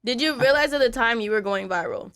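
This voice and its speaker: A woman's voice: on the high side, quick pace, a bit bright, smooth. A woman hosting a casual podcast interview, upbeat and teasing, laughing often. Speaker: podcast host.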